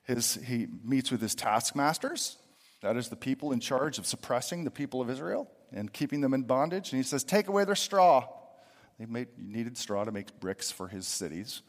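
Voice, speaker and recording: A middle-aged man preaching a sermon, lively and expressive, swinging from loud emphatic lines to hushed asides. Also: mid-range voice, normal speed, long reverb tail. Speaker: pastor.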